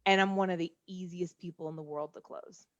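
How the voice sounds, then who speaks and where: Woman, sales trainer, brisk and confident, muffled lo-fi sound, dead dry room. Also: lowish voice, fairly even intonation, no echo. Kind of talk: casual conversation. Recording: dull dry lo-fi call audio.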